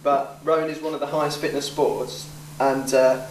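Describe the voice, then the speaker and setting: Distant echoey young man, halting. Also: a little high, level tone, slight background noise. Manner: halting, with many fillers. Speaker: rowing club member. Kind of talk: casual interview answers.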